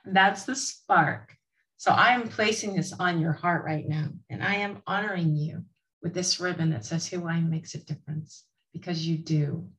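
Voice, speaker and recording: A woman guest giving a heartfelt, slow and emphatic tribute to the host. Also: on the low side, steady tone, low-quality recording. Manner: warm, earnest, slow and emphatic. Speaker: author and guest.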